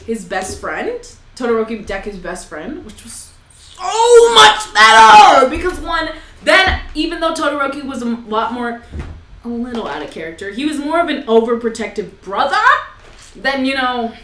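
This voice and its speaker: Young woman co-host, lively swings in pitch, echoey room, casual ranting. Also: moderate pace. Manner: animated, swears freely, acts out quotes. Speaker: podcast co-host. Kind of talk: casual chat.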